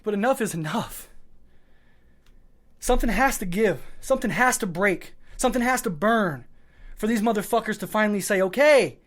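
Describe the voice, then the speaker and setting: A man's voice: high-pitched, lively intonation, moderate pace, pauses often, fairly bright tone. A man hosting a podcast who delivers a fiery political monologue full of swearing and stacked short clauses. He is worked up and short on sleep. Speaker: podcast host.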